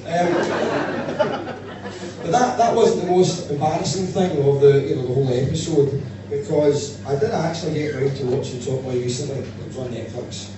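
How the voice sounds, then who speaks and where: A man from Glasgow with a Glaswegian accent, doing a stand-up comedy set with animated storytelling and sudden loud bursts. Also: a little high, a little fast. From Scotland. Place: live venue with audience. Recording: echoey distant room mic with noise.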